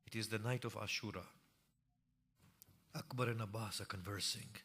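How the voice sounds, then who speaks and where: A man preaching a mournful sermon, telling a tragic story in a grieving recital that sinks to hushed tones and swells into impassioned cries. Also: fairly low pitch, steady tone, moderate pace, husky.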